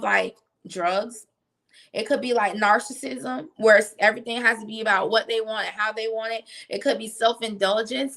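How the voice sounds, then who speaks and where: A woman giving a conversational faith talk, animated, with slang asides and quick restarts. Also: fairly high pitch. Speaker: faith teacher. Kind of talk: conversational preaching.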